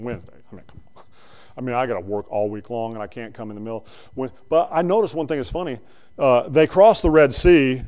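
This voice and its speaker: A male preacher giving a conversational sermon that swings between loud bursts and quiet asides. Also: medium pitch.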